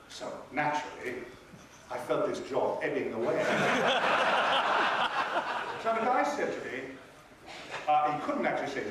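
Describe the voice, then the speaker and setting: A man's voice: medium pitch, big pitch swings, normal speed, long pauses. An older man, a convention panel guest, telling dry, theatrical anecdotes to an audience. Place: large hall at a convention. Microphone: recorded from far off by an audience camera. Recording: echoey hall from far off, noisy.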